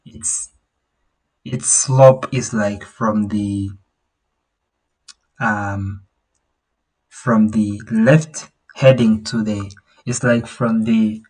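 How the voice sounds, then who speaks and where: A man teaching a language lesson over a video call, patiently explaining and singing out vowel sounds to show the tones, with halting restarts. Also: lowish voice, a little mellow, rough recording. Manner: patient, repeats himself and sings out vowel sounds to demonstrate tones; halting, with many fillers and restarts.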